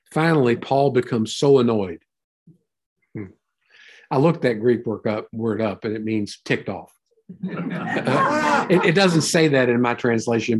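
A man's voice: mid-range voice, darkish tone, slightly rough. A man teaching a Bible passage in a conversational sermon, retelling and explaining it in a folksy way.

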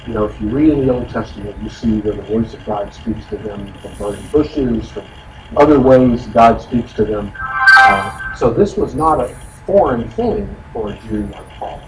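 A man's voice: fairly low pitch, lively intonation, moderate pace, over music. Folksy man teaching Bible study, distant echo. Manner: explanatory, folksy, frequent "you know" asides. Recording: echoey room from far off with noise.

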